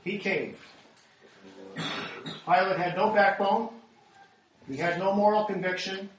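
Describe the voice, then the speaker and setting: An American male pastor with a high, steady voice delivers a sermon slowly, reading scripture dramatically and posing rhetorical questions. He's far from the mic in a very echoey hall.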